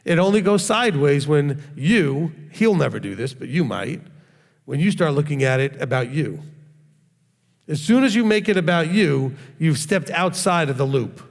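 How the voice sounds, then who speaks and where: A man's voice: a little high, lively intonation, moderate pace, creaky, long reverb tail. A man, a rabbi, teaching a sermon in a conversational way, often checking in with his listeners and adding light joking asides.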